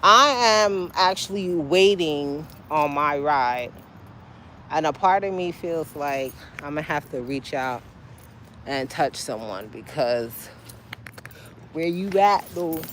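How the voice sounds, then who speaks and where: A woman's voice: slow pace, a bit bright, a little hiss or hum. Chatty woman livestreaming from the street. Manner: chatty, talks straight to her chat with sudden high exclamations. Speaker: livestream host. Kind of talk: casual livestream chat to viewers. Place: outdoors by a street, waiting for a ride.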